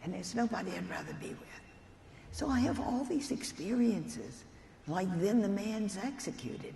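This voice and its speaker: A woman's voice: medium pitch, expressive, normal speed, gravelly, warm tone. A woman, a nun, giving an earnest storytelling keynote talk and speaking directly to an audience of lawyers. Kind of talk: conference keynote speech. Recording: echoey hall, faint room noise.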